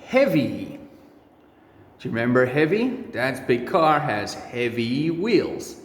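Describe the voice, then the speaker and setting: Man teacher, unhurried, stretches each word for kids; roomy echo. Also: mid-range voice, big pitch swings. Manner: drawn-out, exaggerated word drills. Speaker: English teacher. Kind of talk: slow repeat-after-me pronunciation lesson for children. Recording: echoey room with long reverb.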